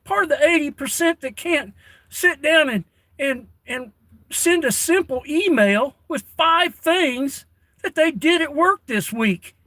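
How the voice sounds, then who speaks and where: A man's voice: very high voice, expressive, slow pace, pushed and bright, dry recording, rough recording. Folksy older man ranting on a livestream. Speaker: live streamer. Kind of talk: casual livestream chat. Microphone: tablet.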